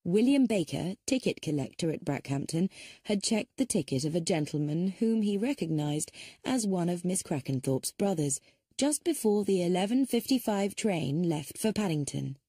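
Woman reading a mystery audiobook, lowish husky voice, dry close sound. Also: expressive, normal speed, dark tone, no room sound. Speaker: audiobook narrator. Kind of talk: scripted narration.

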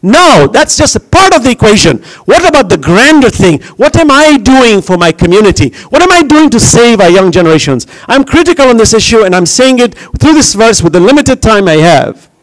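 A man who grew up in New York delivers a Ramadan lecture with a fairly high voice. He speaks with fervor and presses his listeners with question after question. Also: sing-song, brisk, low-quality recording. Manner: impassioned, rhetorical questions.

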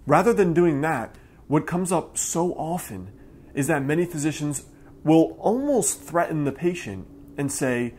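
The acupuncturist who hosts the channel speaks straight to camera in an earnest, emphatic talk, acting out the voices he quotes. His voice is on the high side and slightly rough, with a darkish tone, lively intonation, and a slightly slow pace.

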